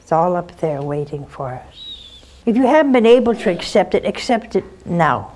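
A woman's voice: lowish voice, sing-song, normal speed, a little mellow, slight background noise. An older woman, a nun, gives advice to a caller and tells stories from her own life in an earnest, direct way, often ending a point with "huh?" or "see?". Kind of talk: advice talk with personal storytelling.

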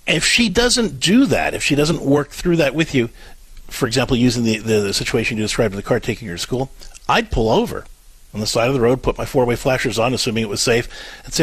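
A man's voice: medium pitch, lively intonation, quick pace, fairly bright tone, breathy edge, dry recording. A man co-hosting a call-in radio show, earnestly coaching a parent step by step and acting out what to say.

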